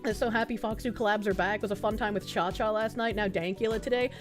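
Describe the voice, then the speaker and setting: A woman's voice: mid-range voice, fairly even intonation, quick pace, music in the background. A woman with a Boston accent, chatting casually and profanely on a livestream as she thanks viewers, often laughing. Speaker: livestreamer reading chat. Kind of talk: casual stream chat.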